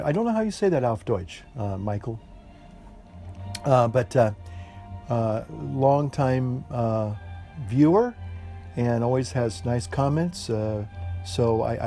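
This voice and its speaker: Outdoors in the evening, a man chats casually to camera while smoking a pipe, rambling with lots of fillers and restarts in a folksy way, saying "y'all." His voice is mid-range and mellow, with classical music playing faintly in the background.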